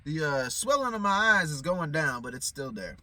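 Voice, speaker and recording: Man, vlog monologue, casual and profane, bright sharp tone, rambling with restarts. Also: fairly high pitch, very animated, moderate pace, no room sound. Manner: profane, loose, repeats "you know what I'm saying"; loses his train of thought, stammers restarts. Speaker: vlogger.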